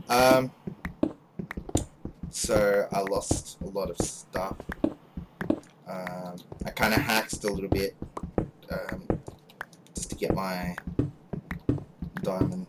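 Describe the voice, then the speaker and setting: A young man hosting a gaming channel rambles through casual game commentary, full of fillers and self-mocking asides. His low voice keeps a steady tone at a slow pace, pausing often. Loud background noise and mouse clicks fill the recording.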